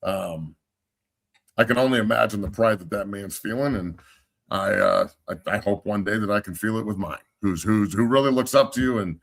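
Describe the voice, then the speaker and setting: A man's voice: lowish voice, normal speed, gravelly. A middle-aged man hosting a podcast and coaching football, telling stories bluntly with plenty of swearing and giving heartfelt praise. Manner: blunt, profane storyteller. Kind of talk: casual chat.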